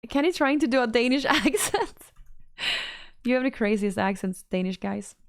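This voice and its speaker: A woman talks casually on a livestream, reacting to chat messages as they come in. Her voice sits a little high. The sound is close and dry, with almost no room. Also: lively intonation, moderate pace, no room sound. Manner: chatty, reacts to chat, reads messages aloud. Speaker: streamer reading chat.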